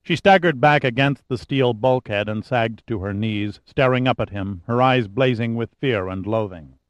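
A man reading a novel aloud in steady, measured scripted narration. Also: medium pitch, no room sound. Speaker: audiobook narrator. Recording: dry, slightly dull audiobook recording.

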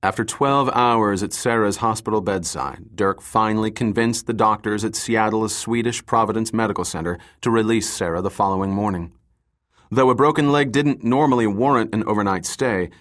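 A man giving measured, scripted audiobook narration. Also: fairly low pitch, fairly bright tone.

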